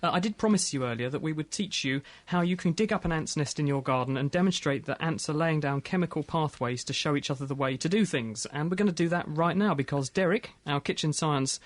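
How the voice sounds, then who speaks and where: A man hosting a live science radio show, brisk and emphatic with guests. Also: fairly high pitch, no echo. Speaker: radio host. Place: radio studio.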